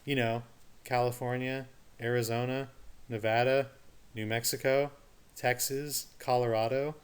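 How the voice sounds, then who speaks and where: A man's voice: mid-range voice, level tone, measured pace, clear, resonant tone. A man giving a recorded history lecture in a conversational way, asking his students rhetorical questions. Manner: conversational, explains with rhetorical questions and casual asides. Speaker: teacher.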